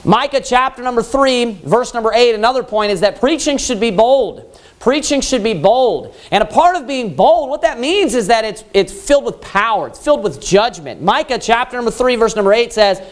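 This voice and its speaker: A man preaching a Baptist sermon loudly and emphatically, repeating his points and rising to yelling. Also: extremely high pitch, expressive, moderate pace. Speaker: pastor.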